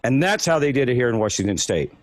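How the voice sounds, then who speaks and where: A man's voice: medium pitch, big pitch swings, fast, dry recording. A man calling in to a talk show, venting his frustration. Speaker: caller. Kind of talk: call-in talk.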